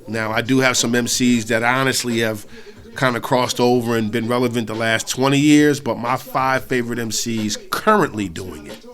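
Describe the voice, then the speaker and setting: A middle-aged man from New York State hosting a hip-hop radio show, talking loosely between songs with slang, swearing and shout-outs. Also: medium pitch, moderate pace.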